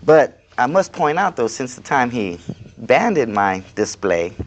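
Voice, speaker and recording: A man's voice: mid-range voice, sing-song, a little slow, highs cut off. A man speaking as a guest on a studio interview show, talking plainly in an aggrieved tone. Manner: plain-spoken, aggrieved, recounting a workplace dispute. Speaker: guest, activist. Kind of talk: casual interview talk.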